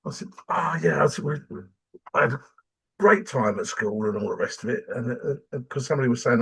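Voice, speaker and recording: Husky older Englishman telling stories. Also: mid-range voice, normal speed. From England. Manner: animated storyteller, acts out quoted voices. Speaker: podcast host. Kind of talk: casual chat.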